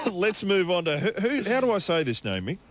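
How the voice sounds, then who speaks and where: A man's voice: sits high, very animated. A man with an Australian accent co-hosting a comedy radio show, bantering and chuckling. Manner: jokey, brisk, chuckling. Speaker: radio co-host. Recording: radio broadcast.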